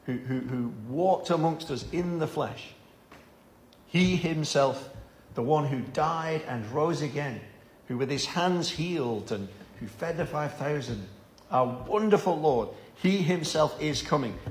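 A man delivers an earnest evening sermon to his congregation, often repeating a word as he presses a point. His voice sits in the middle range for a man. It rings through an echoey church room over a faint background hum. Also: mid-range voice. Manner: earnest, repeats words when stressing a point. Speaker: preacher. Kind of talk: evening Bible-study sermon.

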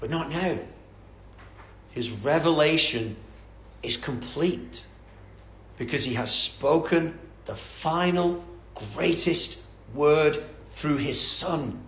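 A male preacher delivering a sermon with fervent, emphatic conviction, hammering his points home through repetition. His voice sits a little high for a man, and it rings out in an echoey church. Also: takes it slowly, pauses often, a bit bright, a little hiss or hum.

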